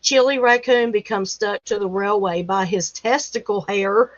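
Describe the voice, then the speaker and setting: A woman's voice: medium pitch, moderate pace, no echo, lo-fi sound. A woman hosting a casual livestream, reading news headlines aloud with lots of laughter and folksy exclamations. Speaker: livestream host. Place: rural home.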